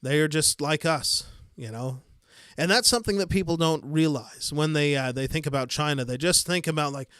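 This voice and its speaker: Livestream host, American man, Midwestern accent, relaxed and rambly, dry close sound. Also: a little high, moderate pace, clean tone, no echo. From United States. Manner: rambling, easygoing, frequent fillers and soft chuckles. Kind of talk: casual live-stream chat, reading viewer comments.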